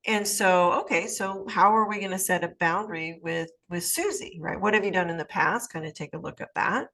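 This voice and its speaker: A woman's voice: on the low side, a little fast, pushed and bright, slight background noise. A woman hosting a casual advice talk, chatting loosely with many fillers and asides, and acting out little quoted scenes. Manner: chatty, rambling, lots of fillers and "right?"; acts out little quoted scenes in changed voices. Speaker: podcast host, life coach.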